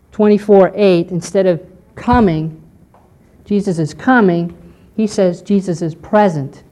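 A woman teaching a history lesson to a class, explaining step by step and often pausing to check in with "okay". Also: medium pitch, darkish tone. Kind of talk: lecture on church history.

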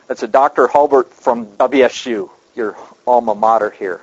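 A man's voice: mid-range voice, moderate pace, breathy edge, highs cut off. A man preaching a sermon, emphatic, asking rhetorical questions and repeating his key points.

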